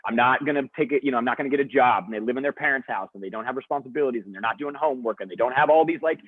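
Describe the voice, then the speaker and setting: Fast-talking man over a phone-like line. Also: medium pitch, no echo. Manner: energetic, chatty, lots of "like". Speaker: motivational speaker. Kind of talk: storytelling talk to students. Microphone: video call. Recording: dry, husky, phone-like video call audio.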